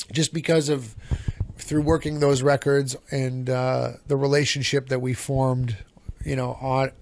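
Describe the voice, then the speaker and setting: A man's voice: medium pitch, creaky, a little mellow, no room sound. Rambling, cursing male band singer. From Canada. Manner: rambling storyteller, swears freely, restarts sentences. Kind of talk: casual interview answers.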